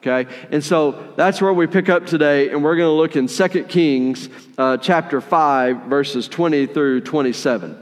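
A man preaching a sermon in a conversational, animated way, with playful asides while retelling a story. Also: a little high, moderate pace, big-room sound. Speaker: pastor.

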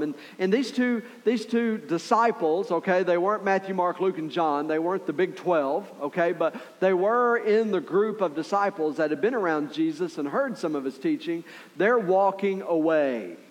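Animated high-voiced pastor preaching. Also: male voice, big-room sound. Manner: animated storytelling with acted-out voices and asides to the congregation. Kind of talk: sermon.

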